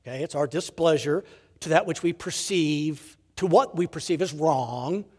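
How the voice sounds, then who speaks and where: A man preaching a sermon, swinging between loud emphasis and hushed, near-whispered phrases, with rhetorical questions and repeated words. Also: a little high, moderate pace, long reverb tail. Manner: animated preaching, rising to emphasis then dropping to near-whispers. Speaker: pastor.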